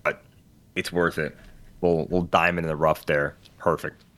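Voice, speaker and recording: This podcast co-host, a young man, speaks at a normal speed with a low-pitched voice. In casual chat he brings his stories to life, voicing the people in them.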